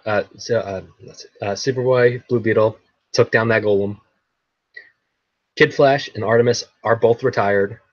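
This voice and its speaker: A man's voice: medium pitch, no room sound, lo-fi sound. A young man hosting a podcast, recapping an episode in a rambling casual chat, often laughing and repeating words.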